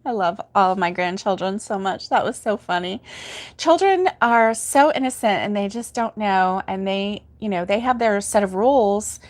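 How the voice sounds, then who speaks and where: With a mid-range voice at a moderate pace, an older woman hosts a laid-back crochet livestream. She chats through a story, laughing often, and reads viewer comments out loud.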